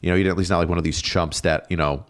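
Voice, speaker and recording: Podcast guest, male, 30s, lower voice, swearing storyteller who acts out the people in his stories. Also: steady tone, very fast. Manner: profane, laughing storyteller, acts out quoted voices. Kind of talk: casual storytelling chat.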